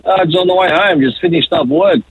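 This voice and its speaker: An Australian truck driver in his forties calling a radio show, halting, with many fillers and the odd joke. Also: high voice, gravelly, slightly rough, dry recording. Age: 40s. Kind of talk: talkback call. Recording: tinny phone line.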